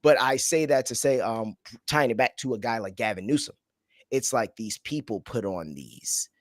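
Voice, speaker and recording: A man's voice: medium pitch, moderate pace, no echo, studio quality. A man hosting a casual podcast chat, rambling and trailing off as he searches for names. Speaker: podcast host.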